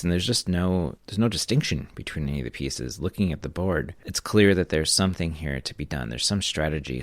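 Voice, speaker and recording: Brief: male podcast host, solo tabletop game narrator, low voice, dry close sound, casual storytelling. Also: no room sound. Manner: loose storytelling with restarts and asides.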